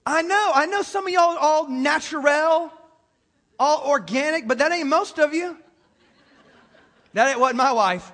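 A pastor with a notably high voice preaching in a church. He keeps it conversational and playful, joking with the people in the pews as he goes. The delivery is loose and talky rather than formal. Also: animated, a little slow, long pauses, fairly bright tone. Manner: conversational, joking, talks straight to the congregation. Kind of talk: sermon.

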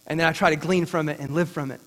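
A man's voice: a little high, steady tone, fast talker. A male pastor delivering a sermon in a conversational, folksy way with jokey asides. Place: church sanctuary. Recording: church hall reverb.

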